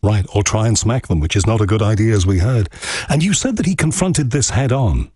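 A man hosting an interview asks long, probing, skeptical questions. His husky voice moves lively up and down in pitch. The sound is dry and close. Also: fairly quick, dry recording. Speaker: interview host. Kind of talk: conversational interview.

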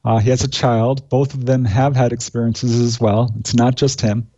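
A man being interviewed as an author, recounting the cases he researched in a steady, matter-of-fact way with many "uh" fillers. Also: mid-range voice, normal speed, lo-fi sound. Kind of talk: conversational interview.

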